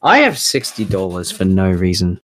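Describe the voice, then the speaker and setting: A young guy co-hosting a podcast, easygoing and quick to laugh, reacting to his friend. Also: deep voice, wildly swooping pitch, a bit bright. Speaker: podcast co-host. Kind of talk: casual chat.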